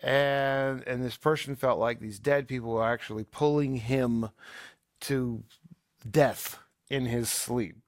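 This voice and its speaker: A man on a talk show telling a story in an animated, emphatic way, often restarting his sentences. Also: medium pitch, slow, no room sound, studio quality. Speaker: co-host.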